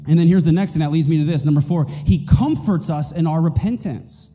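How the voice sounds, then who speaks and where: A man's voice: fairly high pitch, a little fast, few pauses, in a large hall, music in the background. A man preaching a sermon as pastor, emphatic and repeating his key points. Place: church auditorium.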